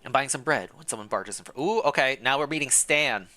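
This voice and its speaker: A man's voice: medium pitch, brisk, bright, forceful tone, soft background music. A man streaming, casually reading a visual novel aloud and commenting, often laughing and correcting himself.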